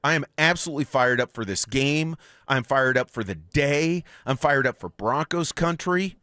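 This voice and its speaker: A man hosting a sports radio show in a studio, chatting excitedly and reading out listener texts. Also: mid-range voice, moderate pace, dry recording. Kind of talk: casual sports radio chat. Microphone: studio microphone.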